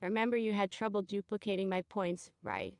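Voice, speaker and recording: A woman teaching a cosmetology procedure, guiding a student step by step and checking in with quick questions. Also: medium pitch, steady tone, dry recording, studio quality. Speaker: cosmetology instructor. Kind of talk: hands-on training demonstration.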